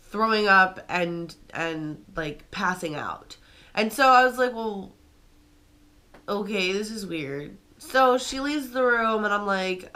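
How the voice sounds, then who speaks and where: A woman's voice: mid-range voice, pushed and bright. A young woman vlogging to camera, telling a story with many fillers and restarts while venting that she is upset.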